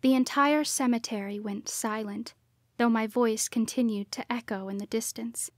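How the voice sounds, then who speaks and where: A woman narrating a first-person audiobook in a hushed voice that often drops to a whisper. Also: a little high, steady tone, moderate pace, no echo, clean studio sound.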